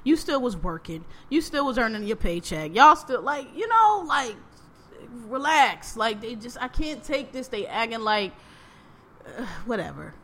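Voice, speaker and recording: Brief: woman host, casual rant, bright voice, pitched a bit high. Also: measured pace. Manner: profane, animated ranting. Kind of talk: casual chat.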